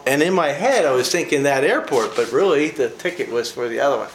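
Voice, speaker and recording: Crowd noise accompanies an older preacher whose slightly high voice moves quickly with lively intonation and few pauses. He gives a casual devotional talk built on personal stories, folksy and chatty with frequent laughter and fillers, in an echoey room with faint ambient noise.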